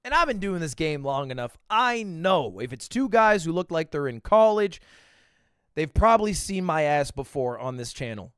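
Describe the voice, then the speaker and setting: A man in his twenties telling a story on a livestream in an animated, profane, self-deprecating way. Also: on the high side, moderate pace, clear, resonant tone, no room sound, studio quality. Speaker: streamer.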